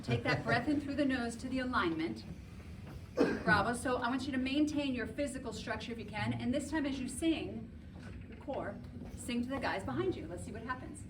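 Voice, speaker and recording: A woman vocal coach runs a chorus rehearsal with brisk, cheerful, chatty directions. Her voice sits a little high and comes from a distant camera across the room. A steady hiss of room noise stays underneath. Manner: lively, upbeat, chatty instructions. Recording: distant mic with background noise.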